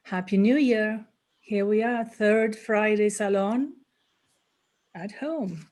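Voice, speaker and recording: A woman hosting a gathering from home over a video call, speaking softly and gently. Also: mid-range voice, slow pace. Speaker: salon host. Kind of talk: welcoming remarks at an online gathering.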